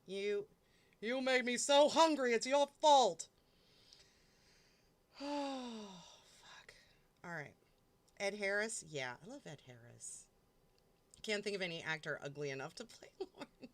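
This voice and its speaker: A woman's voice: medium pitch, lively intonation, unhurried, long pauses. A woman hosting a live stream, chatting casually and rambling, swearing often and laughing between thoughts. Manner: rambling, profane and giggly, reading out chat. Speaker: livestream host.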